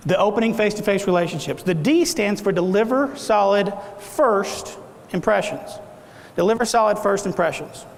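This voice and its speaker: Man, middle-aged, motivational speaker, high gravelly voice, asks the crowd questions, reverberant conference hall. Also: normal speed. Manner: animated, audience questions, acts out tones. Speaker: keynote speaker. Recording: echoey hall.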